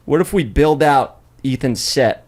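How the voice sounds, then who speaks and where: A man's voice: medium pitch, expressive, unhurried, a little mellow. A man hosting a podcast in casual chat, joking and teasing his guest, often laughing. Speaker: podcast host.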